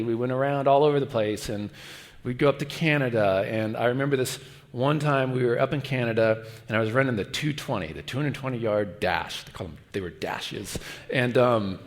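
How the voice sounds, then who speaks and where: Storytelling male preacher in a reverberant hall. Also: medium pitch. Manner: storytelling, animated, drops to a hush for pleading lines. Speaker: guest pastor. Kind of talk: sermon. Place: large church hall. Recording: long church reverb.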